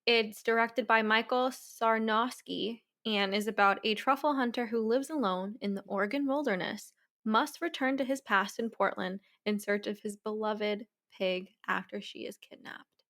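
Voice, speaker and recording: A woman's voice: mid-range voice, normal speed, a bit bright. A woman co-hosting a film review podcast, talking casually and laughing along with her friend. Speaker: podcast co-host.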